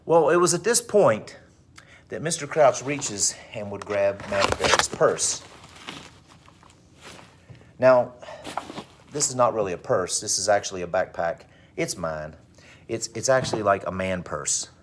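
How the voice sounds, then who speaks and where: Animated male teacher telling a story. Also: on the low side, unhurried, pauses often, a little hiss or hum. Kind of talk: storytelling in a lesson.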